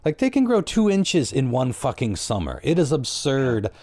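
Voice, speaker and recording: A man's voice: medium pitch, sing-song, normal speed, darkish tone, dry recording. A man co-hosting a podcast, rambling in casual chat, swearing and joking along. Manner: rambling and chatty, swears, chimes in with jokes. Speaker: podcast co-host.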